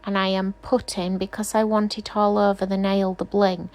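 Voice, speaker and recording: A woman's voice: mid-range voice, flat delivery, moderate pace, few pauses, a little mellow. A woman nail technician doing a casual, rambling tutorial voice-over, chatty and self-deprecating, often apologizing.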